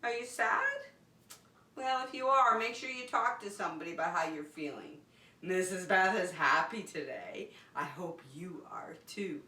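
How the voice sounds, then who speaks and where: A woman's voice: mid-range voice, normal speed, pushed and bright, recorded from a distance. A woman leading an online circle time for young children from her home, in cheerful, sing-song teacher talk. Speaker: preschool teacher. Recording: echoey room, voice off-mic.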